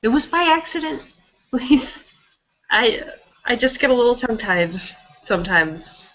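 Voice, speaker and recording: A woman's voice: fairly high pitch, very animated, measured pace, fairly bright tone, voice pushed up. A woman voicing a flustered adventurer who apologizes, tongue-tied, on a lo-fi recording.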